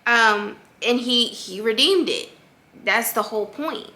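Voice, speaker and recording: A woman's voice: fairly high pitch, measured pace, pushed and bright. A young adult woman hosting a faith podcast, talking in an earnest, conversational way with lots of fillers. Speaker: podcast host. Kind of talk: casual faith-based podcast monologue.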